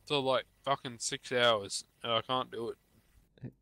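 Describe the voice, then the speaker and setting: A man's voice: medium pitch, fairly even intonation, slow pace, sharp tone. A drunk Australian man with hiccups, rambling and swearing in game voice chat. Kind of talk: voice chat while gaming.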